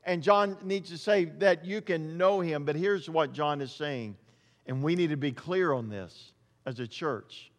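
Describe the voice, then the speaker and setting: High-voiced pastor preaching with emphasis. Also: male voice, a little slow, long reverb tail. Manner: emphatic preaching, repeats phrases, swells and drops in volume. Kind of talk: sermon.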